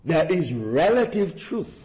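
Slow, emphatic male preacher. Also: a little high, big pitch swings. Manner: slow, deliberate, emphatic preaching with rhetorical asides. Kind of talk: sermon. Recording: muffled lo-fi sermon recording.

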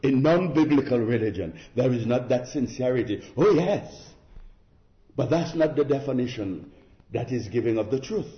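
A man preaching a sermon in a slow, deliberate, emphatic way, with rhetorical asides to his listeners. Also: mid-range voice, lively intonation. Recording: muffled lo-fi sermon recording.

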